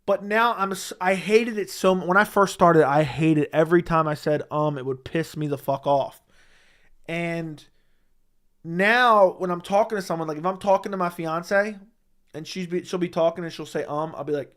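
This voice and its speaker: A young man hosts a casual livestream, reading viewer comments and firing back bluntly with plenty of swearing. His voice sits a bit higher than most men's. He talks close into a desk microphone. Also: normal speed, a bit bright. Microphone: studio microphone at a desk.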